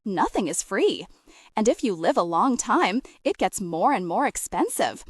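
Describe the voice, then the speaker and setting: A woman narrating a gentle, humorous audiobook story with expressive storytelling. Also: mid-range voice, measured pace, slightly rough, no room sound, clean studio sound.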